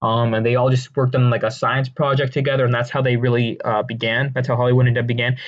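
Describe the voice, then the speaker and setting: Man, mid pitch, casual deadpan rambler with crude humor, slightly muffled lo-fi home mic. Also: fast talker. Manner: rambling, deadpan, crude jokes, many fillers and restarts. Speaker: video creator ranking songs. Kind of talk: casual comedic commentary.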